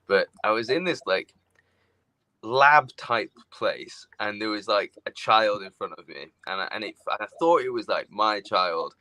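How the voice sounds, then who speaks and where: A man co-hosting a casual podcast chat, telling stories in a lively way and acting out his own reactions. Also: lowish voice, unhurried, no echo, low-quality recording. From outside the United States. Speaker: podcast co-host.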